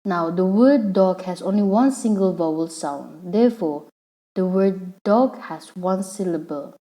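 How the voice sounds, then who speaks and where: Slow, mellow-voiced woman teacher. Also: fairly low pitch, rough recording. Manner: patient, repeats words slowly to spell out syllables. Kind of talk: slow classroom explanation.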